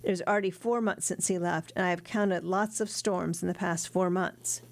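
A woman voicing a determined young woman in love, in an earnest, steady read. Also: fairly low pitch, normal speed, lightly acted. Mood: pleading.

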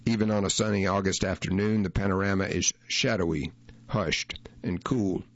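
A man reading a first-person feature story aloud in a measured, unhurried way. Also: sits low, fairly even intonation, dull audio. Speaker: narrator.

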